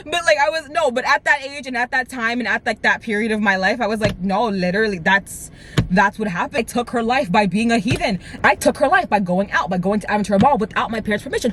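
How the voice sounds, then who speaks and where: A woman in her twenties telling a dramatic storytime vlog to her viewers, with lively asides. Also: on the high side, fairly quick, slight background noise. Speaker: vlogger. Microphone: camera mic.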